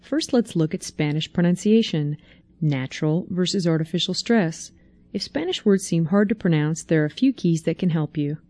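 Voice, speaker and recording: Calm woman narrating a language lesson. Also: fairly low pitch, no echo. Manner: slow, clear, deliberate teaching delivery. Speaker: language teacher. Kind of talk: scripted instructional narration.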